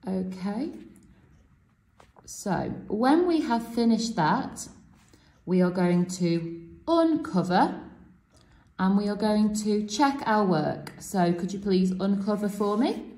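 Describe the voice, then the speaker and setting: A woman's voice: medium pitch, very animated, slow, long pauses, dark tone. A woman teacher showing students a self-quiz method step by step and cheering them on. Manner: encouraging, explains step by step. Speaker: French teacher. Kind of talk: classroom demonstration.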